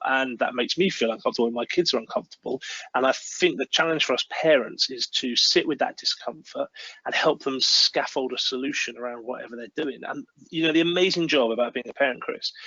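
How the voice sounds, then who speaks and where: A man's voice: medium pitch, sharp tone, slightly rough, no room sound, muffled recording. A man speaking earnestly about parenting as a webinar guest, sometimes acting out little parent-child dialogues. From United Kingdom. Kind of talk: webinar talk. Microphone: video call.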